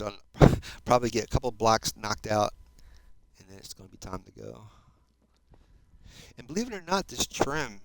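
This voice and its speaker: Gravelly-voiced South Jersey man streaming a game. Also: lowish voice. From South Jersey, USA. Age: 50s. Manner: chatty, talks to viewers while playing, says dude and man. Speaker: Minecraft streamer. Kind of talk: casual live-stream gameplay chat.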